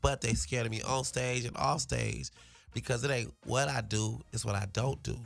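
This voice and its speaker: A man comedian, a guest, talking in a brash, profane way in casual chat, breaking into loud shouted bits. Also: medium pitch, fairly even intonation, normal speed, creaky.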